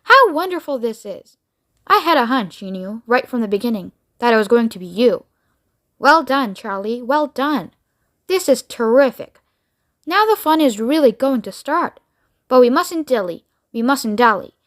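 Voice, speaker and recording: A giddy, eccentric male candy maker gushes in quick bursts of delight, as a woman puts him on. The voice sits high and bright, bubbling over with excitement in a storybook read-aloud. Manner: bubbly, rapid, exclamatory.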